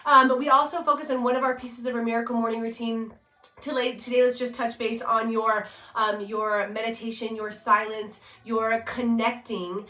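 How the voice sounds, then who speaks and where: Hoarse, chatty woman hosting a live stream. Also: on the high side, sharp tone, roomy sound. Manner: chatty, upbeat, laughs often, many fillers. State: hoarse, sick voice. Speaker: host of a daily live morning video. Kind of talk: casual motivational live stream.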